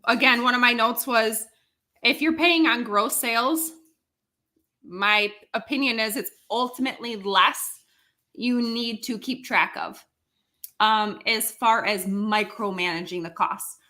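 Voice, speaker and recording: A woman with a bright, forceful voice, pitched a little high, explaining things in a casual live stream chat. She walks through her points step by step with her own examples. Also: measured pace. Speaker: co-host handling office and numbers.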